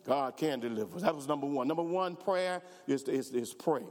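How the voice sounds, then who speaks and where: Male pastor, sermon delivery, higher voice, voices the prayers of his flock, long hall reverb. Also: moderate pace, a little mellow. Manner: preaching with rising fervor, voicing imagined congregants and prayers.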